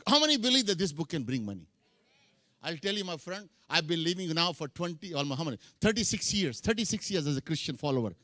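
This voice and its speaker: A man's voice: a little high, very animated, quick pace, sharp tone, dry recording. A middle-aged man preaching a sermon, mixing English with Hindi phrases. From India. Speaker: pastor.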